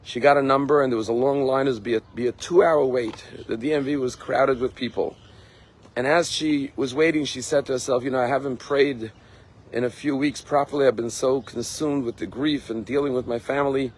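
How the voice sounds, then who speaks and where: A man, a rabbi, giving a sermon and telling a story, earnest, slowing down and lifting his voice to stress key words. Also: mid-range voice, steady tone. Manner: earnest, slows and rises for emphasis.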